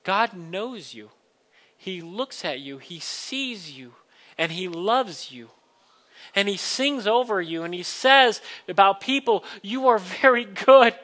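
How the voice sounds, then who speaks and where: A man's voice: high-pitched, animated, takes it slowly, sharp tone. A man preaching a sermon to a congregation, earnest and building to emphatic questions. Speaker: pastor.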